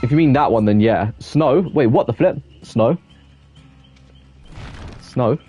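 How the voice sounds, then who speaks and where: Excitable young streamer, mellow voice. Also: male voice, mid-range voice, soft background music. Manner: chatty, excitable, quickly exasperated, rambling restarts. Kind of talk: casual live-stream chat while gaming.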